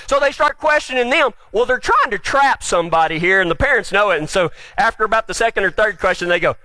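A male preacher giving a sermon, retelling scripture with animated storytelling, then dropping to a quiet, earnest appeal. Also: sits high, a little fast, no room sound. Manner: animated storytelling, acts out the quoted speakers.

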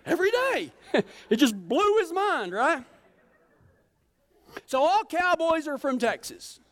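A preacher from Colorado telling a humorous travel story in a folksy, joking way during a sermon. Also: male voice, extremely high pitch, very animated, takes it slowly, a bit bright. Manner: folksy, joking, self-teasing.

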